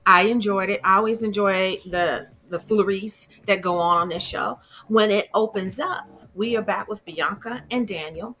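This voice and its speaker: A woman's voice: mid-range voice, moderate pace, fairly bright tone. A woman hosting her own TV review channel, recapping an episode in a chatty, opinionated way and laughing at the drama. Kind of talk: casual episode recap and commentary.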